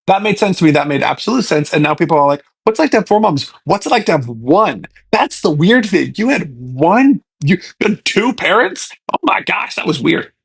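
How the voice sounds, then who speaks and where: Husky-voiced young man chatting casually. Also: high-pitched, big pitch swings, fairly quick, few pauses, a bit bright, no echo. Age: 20s. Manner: chatty, reads comments aloud and thanks viewers. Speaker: livestream host answering viewer questions. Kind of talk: casual livestream chat.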